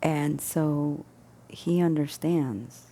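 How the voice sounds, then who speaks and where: A woman's voice: low-pitched, very slow, warm tone. A woman casually telling a personal story, rambling and correcting herself as she goes. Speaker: storyteller sharing personal stories.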